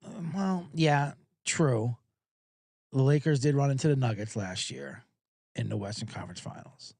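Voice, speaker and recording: A man hosting a sports betting podcast, talking casually in an animated, profane, rambling way. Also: medium pitch, normal speed, creaky, no room sound.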